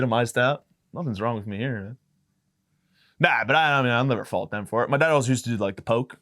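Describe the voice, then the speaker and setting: A man's voice: mid-range voice, fairly bright tone, no echo, clean studio sound. A man hosting a podcast, telling rambling, profane, self-mocking stories in a casual comedic way. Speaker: podcast host.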